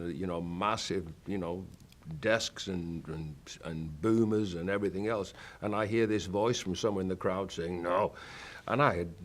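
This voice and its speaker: An older man preaching a sermon, telling a personal story in an emphatic, fervent way. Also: low-pitched.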